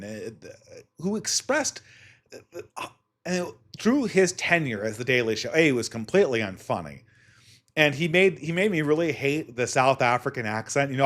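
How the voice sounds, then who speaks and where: A man's voice: medium pitch, fairly bright tone. Sardonic man hosting a solo podcast. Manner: sardonic, polemical. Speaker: podcast host.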